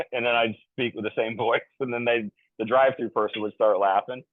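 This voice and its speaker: A man's voice: mid-range voice, steady tone, brisk, dry recording. A man in his fifties, a podcast guest, telling family stories in a rambling, jokey way, full of fillers and restarts. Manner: jokey, self-described goofy. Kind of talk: casual conversational storytelling. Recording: tinny phone-like dry sound.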